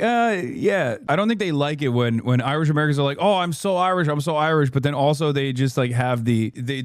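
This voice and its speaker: A man's voice: medium pitch, darkish tone, no room sound, clean studio sound. A man in his thirties hosting a stream, giving casual reaction commentary as a profane, joking rant. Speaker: streamer host.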